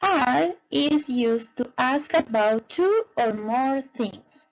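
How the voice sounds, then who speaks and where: This is a slow bilingual lesson: a patient female teacher says each English word slowly, repeats it, and pairs it with its Spanish equivalent. Her pitch is on the high side and bounces animatedly, with a creaky, gravelly rasp closing her phrases. Sound quality is muffled and low-fidelity.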